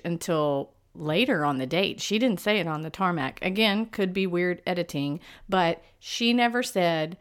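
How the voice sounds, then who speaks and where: A woman hosting a casual pop culture podcast, chatty and quick to laugh. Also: fairly low pitch, clear, resonant tone. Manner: chatty, laughs easily, animated. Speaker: podcast host.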